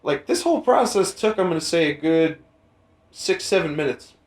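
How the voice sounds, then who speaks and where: A young man hosting a podcast, telling a rambling, profane story in casual chat and jumping into animated quoted voices. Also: on the high side, normal speed. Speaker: podcast host. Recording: roomy echo.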